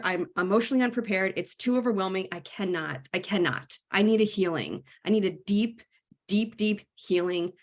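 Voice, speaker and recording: Frank woman wellness coach from New York, thirties, talks straight to camera, mid pitch. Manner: candid and frank, speaks to viewers directly. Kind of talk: personal storytelling lesson.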